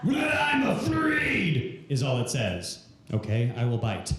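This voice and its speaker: A man's voice: mid-range voice, normal speed, very noisy. A man performing rhyming stand-up comedy on stage, telling a story in rhymed verse. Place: live comedy venue stage. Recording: echoey live venue room.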